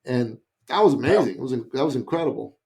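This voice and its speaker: Podcast guest: middle-aged man from Canada, animated storyteller, even mid-pitched voice. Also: quick pace. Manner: animated, acts out quoted voices.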